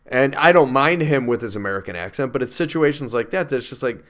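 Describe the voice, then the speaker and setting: A man's voice: mid-range voice, lively intonation, fairly bright tone. A man co-hosting a podcast, giving opinionated takes in a casual chat about films. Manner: opinionated, quick bursts of complaint. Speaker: podcast co-host. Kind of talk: casual film review chat.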